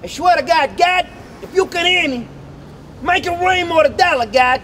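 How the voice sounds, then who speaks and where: A man's voice: very high voice, normal speed, bright, forceful tone, a little hiss or hum. An actor playing a brash, boastful wise guy, crude and constantly swearing, in a comedy sketch. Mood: swaggering. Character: brash boastful Italian-American wise guy obsessed with mortadella. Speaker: comic actor.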